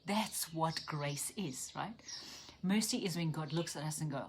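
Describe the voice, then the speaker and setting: A woman giving an earnest, animated devotional teaching that keeps checking in with the listener and drops into soft, near-whispered asides. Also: sits low, unhurried, slight background noise. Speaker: Christian speaker and teacher.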